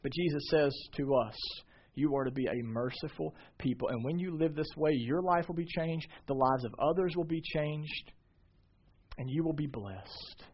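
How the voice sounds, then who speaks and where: A man in his thirties preaching from the pulpit, his fairly high voice climbing to loud, emphatic peaks before dropping to a hushed, confiding tone. The recording is dull and lo-fi. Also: normal speed, breathy edge. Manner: swings from shouted emphasis to quiet confiding. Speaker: pastor. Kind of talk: sermon. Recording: dull lo-fi sermon audio.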